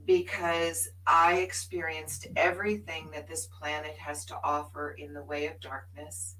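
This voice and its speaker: A woman's voice: deep voice, flat delivery, a little slow, a bit bright, recorded from a distance, low-quality recording. A woman co-hosting a spiritual live show, sharing her journey in an earnest, emphatic way. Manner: earnest and emphatic, laughs often.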